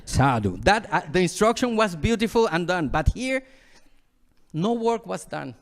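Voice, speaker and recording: A man from Mexico, a Buddhist monk, gives a dharma talk in a fairly high voice. He tells his story with vivid sound effects and acted-out moments. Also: very animated, unhurried.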